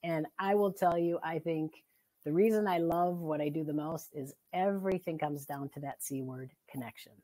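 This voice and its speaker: A woman's voice: low-pitched, normal speed, warm tone, dry recording. A middle-aged woman, a family therapist, talking in a casual interview, earnest and reflective, laughing easily. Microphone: video call.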